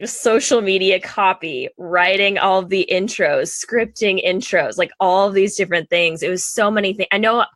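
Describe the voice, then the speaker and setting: A woman's voice: medium pitch, normal speed, few pauses, a bit bright, no echo. A woman from Texas hosting a podcast in casual chat, rambling with lots of "like". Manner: rambling, says "like" a lot. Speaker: podcast host.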